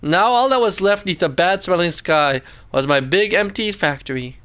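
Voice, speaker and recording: A man reads a rhyming storybook aloud with a high, bright voice. His delivery is sing-song and dramatic, and his pitch swoops up and down with the verse. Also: animated, moderate pace, clean tone.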